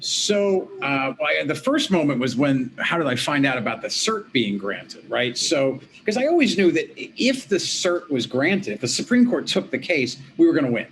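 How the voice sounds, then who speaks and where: A man, a former politician and law professor, recounting events as an interview guest in a lively storytelling manner, acting out the dialogue he quotes. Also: fairly high pitch, normal speed, few pauses, slight background noise. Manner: animated, acts out quoted dialogue. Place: home office at a desk.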